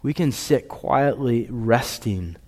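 A man preaching a sermon as a pastor, earnest, rising to emphatic points and dropping to soft, quiet lines. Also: mid-range voice, lively intonation, slow. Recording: long reverb of a hall.

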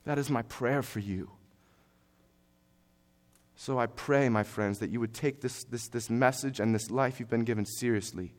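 A young man preaching a sermon, earnest and conversational with fillers, building to forceful exhortation. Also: medium pitch, moderate pace, long pauses.

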